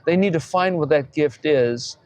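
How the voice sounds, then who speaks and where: A man's voice: on the high side, moderate pace, darkish tone, slight background noise. A man, an architect, answering interview questions in an earnest, emphatic way. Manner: earnest and emphatic, tells anecdotes with voiced quotes.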